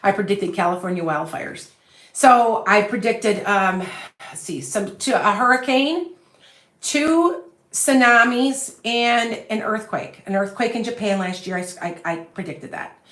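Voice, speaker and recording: A woman with a Chicago accent, from the US Midwest, works as a psychic medium and talks on a livestream at a measured pace. Her voice sits at medium pitch with a bit of brightness. Addressing a phone on a stand, she rambles chattily and confidently, and the room echoes.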